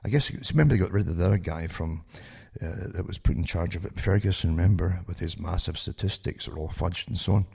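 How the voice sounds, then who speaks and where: Older guy on talk radio, super husky voice, dark and mellow, keeps restarting and going "eh?". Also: sits low, fast, few pauses. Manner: rambling, many restarts, sarcastic asides ending in "eh?". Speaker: radio show host.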